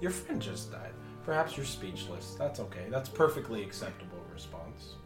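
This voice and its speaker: A man's voice: medium pitch, big pitch swings, normal speed, echoey room, music in the background. A man narrating as dungeon master of a tabletop game, chatty and jokey. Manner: chatty, jokey, switches into character voices.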